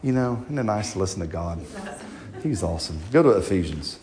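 Folksy pastor preaching. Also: male voice, low-pitched, fairly quick, a little hiss or hum. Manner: folksy, animated preaching with rhetorical questions. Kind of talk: sermon. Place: church.

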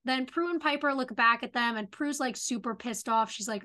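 A woman's voice: fairly high pitch, normal speed, few pauses, sharp tone. A woman co-hosting a podcast, casually retelling an episode's plot and quoting the characters' lines along the way. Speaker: podcast co-host. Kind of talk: casual recap chat.

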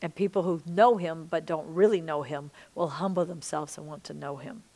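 A middle-aged woman teaching a sermon-style podcast, impassioned, dropping to hushed whispers and rising to loud emphasis. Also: sits low, steady tone, normal speed. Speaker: Christian teacher and minister.

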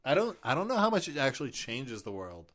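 A man's voice: medium pitch, wildly swooping pitch, fast, fairly bright tone. A man in a casual comedic chat, dry and teasing, reasoning through silly ideas.

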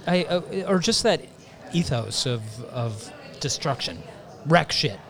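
A middle-aged woman chatting casually as a podcast co-host, starting over often and searching for words. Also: deep voice. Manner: halting, many restarts. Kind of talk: casual chat. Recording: lively crowd noise behind.

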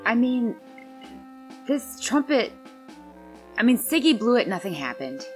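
A woman's voice: fairly high pitch, big pitch swings, a little slow. Female tabletop player, chatty and eager, faint music behind. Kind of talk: casual tabletop play.

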